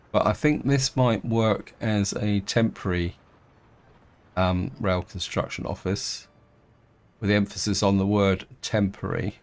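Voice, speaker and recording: In casual gameplay commentary, a middle-aged let's-player from England narrates his city-building game without hurry. Speaking low, he hesitates often, restarting sentences and mulling his choices out loud.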